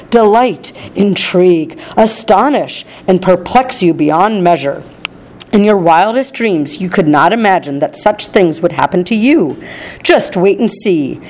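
A woman voicing a gentle, nervous father in a storybook reading, speaking carefully and evenly. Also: high voice. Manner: careful, measured reading aloud.

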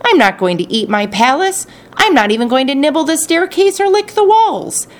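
A woman voicing a haughty, foolish prince in an audiobook reading, shouting indignantly. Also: high voice, lively intonation, normal speed, voice pushed up.

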